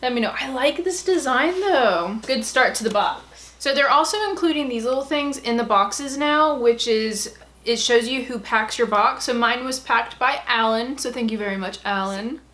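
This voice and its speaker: Woman host for a casual unboxing vlog: bubbly, effusive, voice sits a little high, gasps and squeals come easily. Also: moderate pace. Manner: gushing, excitable, gasps and squeals often.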